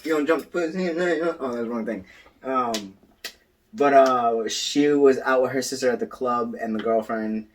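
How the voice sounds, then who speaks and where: A man co-hosting a podcast, telling stories in casual chat, animated and acting out quotes. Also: medium pitch, normal speed, distant mic, slight background noise. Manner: animated storytelling, acts out quotes, swears, laughs a lot. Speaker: podcast co-host.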